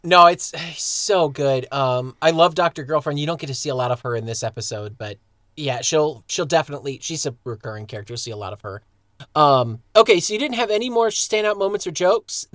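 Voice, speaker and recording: A man's voice: on the high side, animated, a little fast, a bit bright, dry recording. A man co-hosting a podcast, chatting casually and animatedly about a cartoon, laughing often and swearing now and then. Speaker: podcast co-host. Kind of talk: casual chat.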